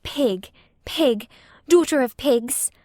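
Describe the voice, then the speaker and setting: A woman reading an audiobook, voicing a spoiled, bad-tempered little girl who talks in a slow, sulky, demanding way. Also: high-pitched, no room sound, studio quality, voice pushed up. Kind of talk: audiobook character voice.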